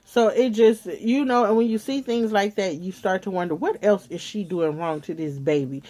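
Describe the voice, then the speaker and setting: A woman vlogger, telling a story straight to her viewers in an animated, casual way. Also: mid-range voice, normal speed.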